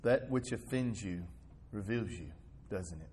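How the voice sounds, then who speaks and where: A man's voice: on the low side, lively intonation, a little slow, darkish tone, slight background noise. A male pastor giving a sermon in a conversational, storytelling manner, asking the congregation rhetorical questions.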